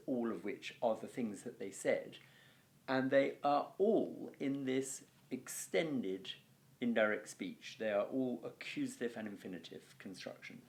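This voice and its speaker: A man's voice: medium pitch, vocal fry. A man with an English accent teaching a Latin lesson, patiently going through sentences word by word. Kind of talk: recorded language lesson.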